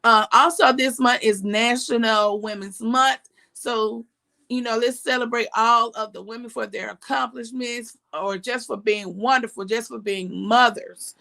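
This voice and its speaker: A hoarse woman hosts a casual talk show, her morning voice gravelly and a touch high. She chats in an animated way, reads comments aloud and moves from announcements to viewer replies. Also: measured pace. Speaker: podcast host.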